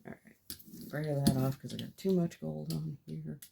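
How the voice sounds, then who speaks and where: A woman's voice: low voice, steady tone, moderate pace, gravelly, noisy background. A woman talking through a gel plate printing project as she works, chatty and self-deprecating, laughing often at herself. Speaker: mixed media artist. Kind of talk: casual crafting commentary. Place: home craft studio.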